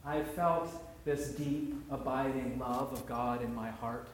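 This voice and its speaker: A man's voice: medium pitch, fairly even intonation, slow pace, echoey room, a little hiss or hum. A man preaching a sermon, retelling a story and sharing personal reflections in a reflective, storytelling manner.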